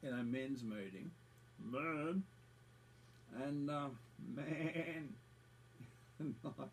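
A man's voice: a little high, drawn-out words, slight background noise, rough recording. Profane ranting man. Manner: profane, repetitive, scornful. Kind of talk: angry ranting monologue.

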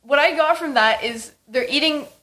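A woman's voice: high voice, moderate pace, fairly bright tone. A woman chatting casually about a film with her co-host, teasing him and often checking in with "right?". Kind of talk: casual chat.

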